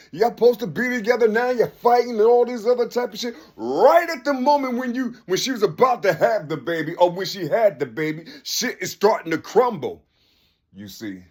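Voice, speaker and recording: A man giving earnest, preachy advice in street slang, repeating "you see?" again and again. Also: extremely high pitch. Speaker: speaker giving life advice. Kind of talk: informal spoken advice.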